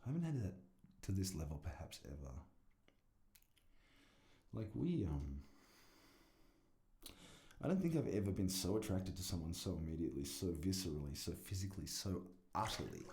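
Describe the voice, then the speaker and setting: In an echoey room, a man rambles and swears his way through a casual solo podcast, often putting himself down. His voice is deep and darkish, very animated, at a normal speed with frequent pauses.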